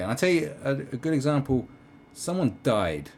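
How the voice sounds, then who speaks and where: A man's voice: medium pitch, big pitch swings, normal speed, darkish tone, slight background noise. A middle-aged man with a British accent giving a sarcastic, rambling video commentary, swearing and restarting often. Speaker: commentary vlogger.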